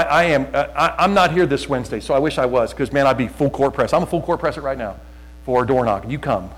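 A middle-aged male pastor preaching a fervent sermon, often loud, repeating words as he builds. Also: mid-range voice, low-quality recording.

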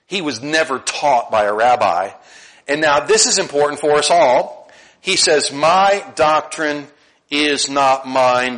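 A middle-aged male pastor preaching a conversational sermon, often repeating words and rising into animated bursts. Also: mid-range voice, rough recording.

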